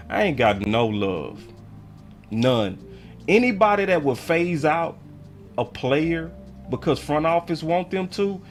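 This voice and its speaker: A man hosting a livestream sports commentary show, talking in a heated, emphatic way full of slang. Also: mid-range voice.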